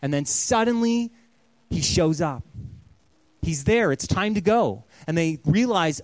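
A man's voice: fairly high pitch, expressive, measured pace, dry recording. Earnest male pastor preaching. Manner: earnest, storytelling, often softening to a hush. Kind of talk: sermon.

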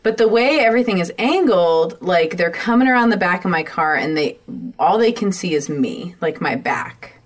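A woman's voice: fairly low pitch, lively intonation, normal speed. Laughing, swearing woman podcast co-host. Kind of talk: casual chat.

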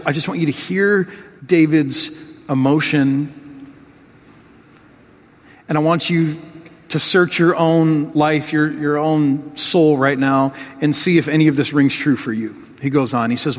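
A man's voice: a little high, in a large hall. A man preaching a sermon in an earnest, heartfelt way, reading scripture with rising emotion. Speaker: pastor.

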